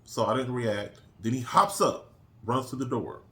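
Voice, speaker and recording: A middle-aged man casually telling a story, acting out quoted voices in an animated way. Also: mid-range voice, moderate pace. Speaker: co-host.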